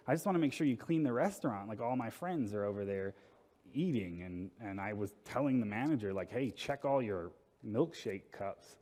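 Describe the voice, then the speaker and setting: A man's voice: medium pitch, darkish tone, in a large hall. A man giving a conference talk, telling a funny story in a casual, wry way with lots of fillers. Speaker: conference speaker. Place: conference hall.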